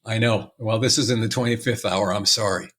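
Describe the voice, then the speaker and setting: A man improvising a blunt deadpan waiter. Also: fairly low pitch, fairly quick. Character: gruff, unhelpful restaurant waiter, adult man.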